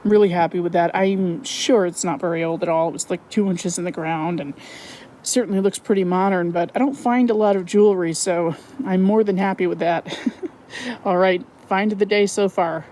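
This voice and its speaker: A woman narrating her metal detecting finds outdoors on a wooded property in a chatty, excitable way, often correcting herself. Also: lowish voice, normal speed, slight background noise, rough recording. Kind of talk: casual outdoor vlog narration.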